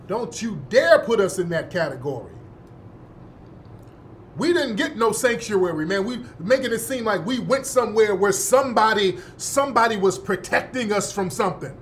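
A man's voice: high voice, expressive, normal speed, a little hiss or hum. A man hosting a show, giving heated, indignant commentary, cursing and repeating phrases for emphasis. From United States, born in the North, raised in the South. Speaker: host.

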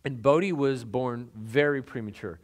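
A man's voice: medium pitch, normal speed. A middle-aged male pastor preaching a sermon in a conversational, folksy way, with lots of fillers and restarts.

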